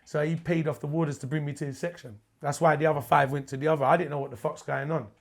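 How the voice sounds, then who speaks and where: A man's voice: on the high side, steady tone, quick pace. A man from London with a London accent, a guest telling prison stories in a casual interview, swearing freely and acting out the dialogue. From Hackney, London.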